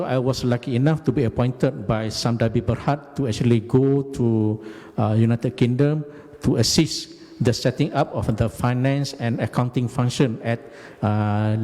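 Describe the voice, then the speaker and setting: Halting man lecturing. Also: medium pitch, mellow, in a large hall. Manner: halting, deliberate, frequent hesitations. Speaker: guest lecturer, company managing director. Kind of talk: lecture recounting career.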